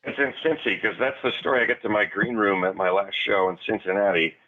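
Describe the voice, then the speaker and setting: A man, a comedian and guest, chatting casually over a remote call in a relaxed way, chuckling between thoughts. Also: lowish voice, a little fast. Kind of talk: casual chat. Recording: tinny phone line.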